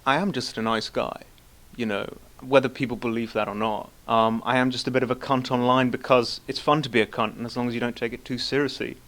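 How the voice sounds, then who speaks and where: A man's voice: mid-range voice, steady tone, brisk, fairly bright tone. A man with a smoker's voice, a podcast guest bantering in a brash, teasing, profane way.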